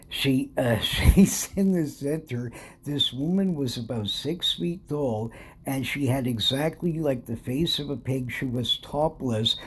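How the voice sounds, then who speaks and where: A man's voice: medium pitch, slight background noise. A man hosting a podcast, telling a story in a rambling, casual way, full of restarts and filler phrases, chuckling as he goes. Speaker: podcast host.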